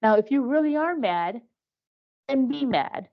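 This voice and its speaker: A woman's voice: high voice, animated, unhurried. A woman giving an instructive online presentation, offering direct, earnest advice and acting out short examples, heard over a video call. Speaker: workshop presenter. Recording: dull lo-fi video-call audio.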